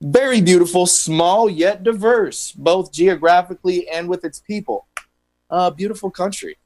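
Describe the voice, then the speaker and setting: A man's voice: sits high, normal speed, a little mellow, low-quality recording. A man co-hosting a radio show, presenting a history segment in a loose, laughing, joking way. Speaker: radio co-host. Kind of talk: casual radio banter.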